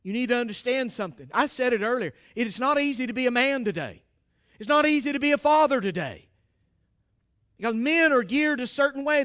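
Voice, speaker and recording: A man's voice: very high-pitched, a bit bright. A man preaching a sermon as pastor, speaking emphatically, often repeating and restarting his phrases and calling out directly to the congregation. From United States.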